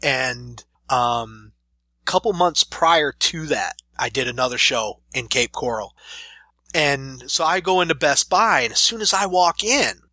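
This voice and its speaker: A man's voice: mid-range voice, measured pace, dry recording. A man in his thirties, a pro wrestler, telling stories animatedly in a casual interview. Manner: animated storyteller, laughs through stories. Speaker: professional wrestler guest.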